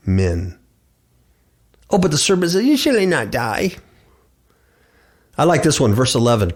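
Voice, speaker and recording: A man's voice: mid-range voice, wildly swooping pitch, a little slow, pauses often. A middle-aged man hosting a radio show, preaching and reading scripture aloud. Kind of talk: preaching bible commentary.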